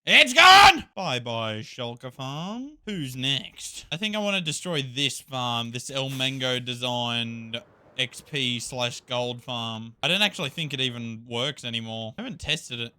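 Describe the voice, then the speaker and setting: A man giving casual, jokey commentary while playing a video game, thinking aloud and getting excited. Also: mid-range voice, unhurried, clear, resonant tone. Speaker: Minecraft YouTuber.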